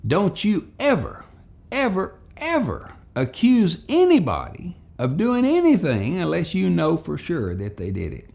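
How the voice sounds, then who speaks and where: A man's voice: on the high side, wildly swooping pitch, unhurried, vocal fry, darkish tone, voice pushed up, heavily acted. A man doing a stern scolding schoolteacher. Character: stern older woman schoolteacher.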